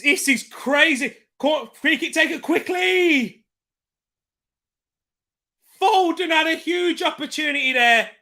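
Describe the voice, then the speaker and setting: A man hosting a live football watchalong, reacting with excitable shouting commentary while hoarse from losing his voice. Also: extremely high pitch.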